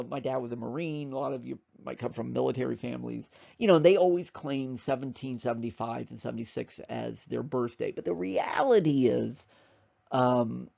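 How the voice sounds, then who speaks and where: A man's voice: medium pitch, gravelly, warm tone, muffled recording. A man giving an informal history lecture, talking conversationally and emphatically with frequent fillers and repeats.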